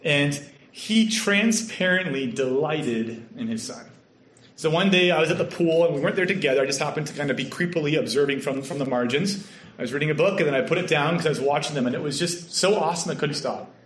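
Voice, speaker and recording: A man from Canada with a Canadian accent, preaching a sermon with earnest storytelling that sometimes drops to a soft hush. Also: on the high side, a little fast. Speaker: pastor. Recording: echoey room.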